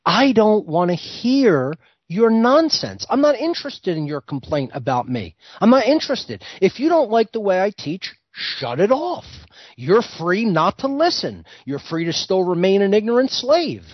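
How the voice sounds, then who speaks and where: A man's voice: high-pitched, very animated, unhurried, dry recording. A man hosting a talk show, delivering a heated, lecturing monologue. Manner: vehement, lecturing. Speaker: host. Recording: dull lo-fi recording.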